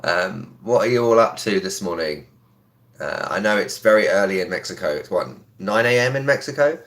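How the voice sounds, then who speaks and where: A man with a sore throat hosts a casual live stream from a room at home. His voice sits fairly low, and he keeps it quiet and chatty, greeting viewers between frequent ums. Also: expressive, normal speed. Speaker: travel vlogger hosting a live stream. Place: indoors in a home.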